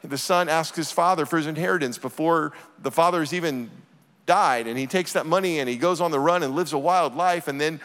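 A man's voice: a little high, brisk, fairly bright tone. A middle-aged man preaching a sermon as a pastor, earnest and emphatic. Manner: earnest, emphatic scripture reading. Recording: church hall reverb.

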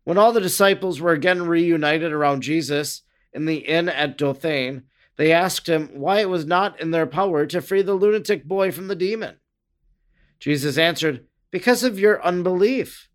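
A man's voice: fairly high pitch, moderate pace, clean tone. Earnest man reading scripture-style narration. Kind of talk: scripted narration of a religious text.

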